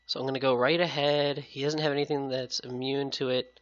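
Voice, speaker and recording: A man's voice: mid-range voice, level tone, a little fast, lo-fi sound, slight background noise. A man with a sick-sounding voice giving casual, upbeat gameplay commentary to his viewers. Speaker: competitive game YouTuber. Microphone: headset.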